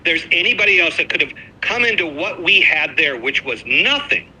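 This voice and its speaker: A man's voice: a little high, sing-song, normal speed, sharp tone, a little hiss or hum, rough recording. A man, a former radio colleague, speaking emphatically and sincerely in a casual podcast chat.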